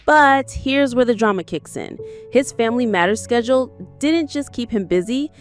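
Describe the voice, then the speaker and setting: A woman's voice: on the high side, animated, moderate pace, faint music behind. A woman reading scripted countdown narration in a chatty, hyped way, with playful asides to the viewer.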